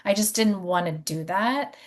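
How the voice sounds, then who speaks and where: A woman's voice: medium pitch, moderate pace. A woman in her forties talking reflectively as a podcast guest, chatty and full of fillers. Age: 40s. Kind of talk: casual interview conversation.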